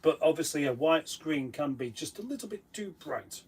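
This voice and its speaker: A man's voice: fairly high pitch, animated, normal speed, a little mellow, breathy edge. A man co-hosting a casual live stream who teases his partner and rambles through his explanations. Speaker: co-host.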